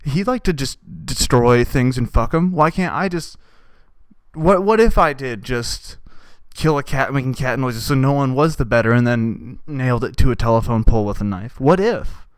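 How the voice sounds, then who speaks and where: A young man hosting a podcast, delivering an absurd, deadpan comic monologue that he keeps punctuating with "right?". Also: mid-range voice, normal speed, clean tone, no room sound. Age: young adult. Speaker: podcast host.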